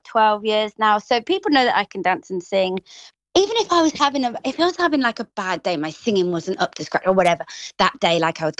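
A woman in her thirties with a Grimsby accent, chatting as an actress in an interview, quick and full of laughs. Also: mid-range voice, no room sound, dull audio. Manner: chatty, quick, laughs often, slips into quoted voices. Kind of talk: casual interview chat.

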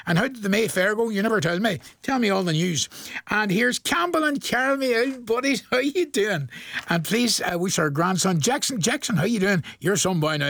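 A man's voice: high-pitched, a bit bright, no echo, clean studio sound. A man in his forties with a Northern Irish accent, presenting a local radio request show in a chatty, jokey way and chuckling often. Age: 40s.

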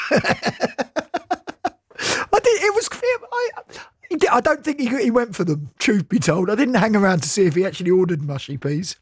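A British man in middle age chats casually on air, wandering from one aside to the next and laughing often. His voice is a little husky and rises and falls a lot. The recording is close and dry. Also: high-pitched, big pitch swings, fairly quick, dry recording. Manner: rambling and anecdotal, laughing often. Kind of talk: casual chat.

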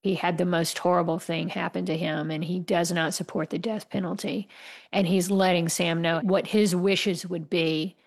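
A woman's voice: fairly low pitch, flat delivery, moderate pace, vocal fry. A woman from the United States, an author answering interview questions in a candid, passionate way and laughing wryly. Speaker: author guest.

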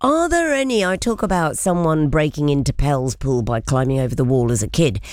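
A woman's voice: sits low, animated, a little fast, darkish tone, dry recording, clean studio sound. A woman, hosting a chatty interview and laughing often. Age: 60s. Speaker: radio presenter. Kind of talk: casual interview chat.

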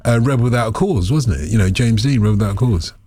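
A man's voice: mid-range voice, fast talker, mellow, dry recording. A man hosting a radio phone-in, chatty and self-deprecating, drifting off on tangents. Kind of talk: casual radio phone-in chat.

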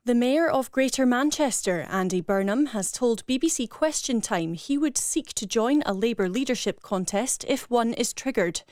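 A woman reading a radio news bulletin and travel news in a clear, measured way. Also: on the high side, lively intonation, darkish tone, dry recording, studio quality. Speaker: newsreader.

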